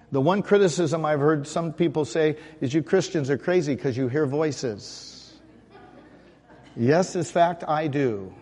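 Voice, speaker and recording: A man with a fairly high voice delivers a sermon as the pastor, speaking conversationally and asking the congregation questions. His voice carries a long reverb, like a church sanctuary. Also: dark tone.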